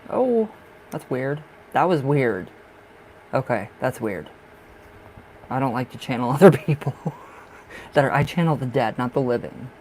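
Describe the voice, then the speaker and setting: A man's voice: mid-range voice, lively intonation, a little slow, long pauses, a little mellow, a little hiss or hum, rough recording. Man tarot reader on a live stream, from the northern US, chatty and giggly, mid-range voice. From northern United States. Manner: chatty, laughs often, repeats himself.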